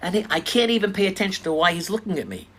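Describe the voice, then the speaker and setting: An older man earnestly retelling his own encounters in a casual, animated storytelling style. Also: high-pitched, rapid-fire. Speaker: speaker sharing personal stories.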